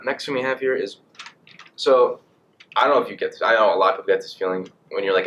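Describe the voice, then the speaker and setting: A young man in college vlogging casually, rambling and animated with lots of fillers. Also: sits low, a little hiss or hum. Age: young adult. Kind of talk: casual monologue to camera.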